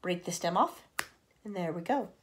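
A woman voicing a kind, gentle female ladybird in a storybook reading, talking in a chatty, reassuring way. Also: fairly low pitch, expressive, moderate pace, a little hiss or hum, lightly acted.

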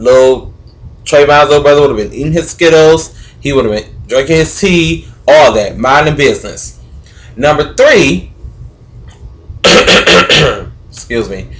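A young man vlogging his opinions in a loose, sarcastic rant. His voice sits fairly high and swings widely in pitch as he builds his points and mocks his targets. He drops into casual swearing without slowing down. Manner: sarcastic, animated, swears freely. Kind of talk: opinionated casual commentary to camera.

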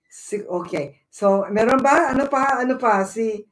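A woman's voice: a little high, normal speed, poor audio. A woman from the Philippines with a Filipino accent, hosting a casual live stream, chatty and switching between Tagalog and English while greeting viewers by name. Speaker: livestream host.

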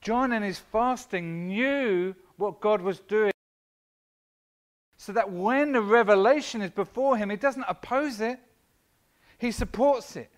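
Man, high-pitched, pastor, casual sermon, filler-heavy, self-deprecating asides. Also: measured pace. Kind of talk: conversational sermon. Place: church.

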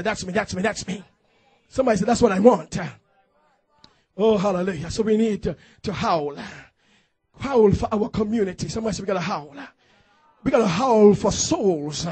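A man's voice: high-pitched, darkish tone, breathy edge. A man pastor preaching a fervent call-and-response sermon in a church, urging the congregation to repeat phrases after him.

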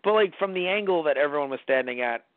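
A man co-hosting a casual movie review podcast, talking in an animated, rambling, profane way. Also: a little high, fast, no echo. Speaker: podcast co-host. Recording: dry, phone-like line.

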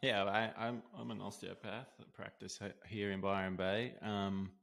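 A man telling stories in a relaxed, casual way as an interview guest. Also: fairly low pitch, normal speed, creaky. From Australia. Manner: laid-back, lots of "dude" and "like", laughs while telling. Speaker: guest, osteopath. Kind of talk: casual storytelling.

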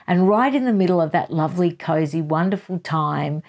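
A woman hosting a casual book chat channel, with a voice set a little low. She retells chapters in a chatty storytelling way. Asides and soft laughs break up her story. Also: lively intonation, moderate pace.

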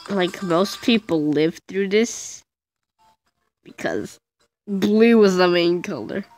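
A woman's voice: on the low side, slow, darkish tone, soft background music. A female gamer giving casual, chatty commentary on her gameplay, teasing the game and her friend as she plays.

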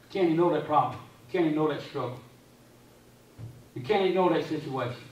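A man preaching a sermon as pastor, quoting scripture and repeating phrases, swinging between loud and hushed delivery. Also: on the high side, a little fast, lo-fi sound. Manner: quotes scripture. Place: church sanctuary. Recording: echoey sanctuary from a distance.

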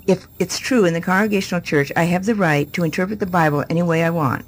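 Gravelly-voiced woman telling her story. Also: fairly low pitch, fast talker, a little hiss or hum. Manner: lively storyteller acting out quoted voices. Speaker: guest. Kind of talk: testimony in a TV interview.

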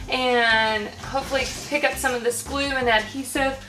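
A woman's voice: high voice, steady tone, moderate pace, few pauses, over loud music, rough recording. A young woman hosting a casual vlog about converting a bus, bubbly, giggly and chatty. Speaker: vlog host. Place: converted school bus and workshop.

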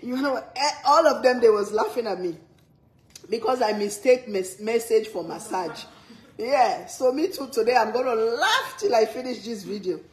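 Playful woman livestream cook, reads comments and jokes, slightly high pitch; roomy echo, noisy room. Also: lively intonation, normal speed. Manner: playful, laughs a lot, reads comments aloud. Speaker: cooking livestream host. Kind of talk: casual live-stream chat.

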